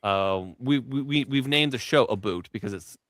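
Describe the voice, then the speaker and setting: A man's voice: mid-range voice, moderate pace, dry recording, studio quality. A man co-hosting a streamed talk show, joking and swearing freely. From Canada. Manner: animated, profane, joking. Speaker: stream co-host. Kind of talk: casual streamed chat.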